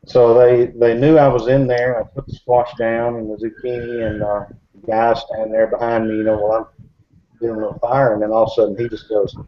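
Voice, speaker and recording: A man's voice: medium pitch, little pitch movement, fairly quick. A man telling a story in casual talk, rambling with many fillers and restarts. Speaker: bigfoot researcher. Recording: dull recording with faint hiss.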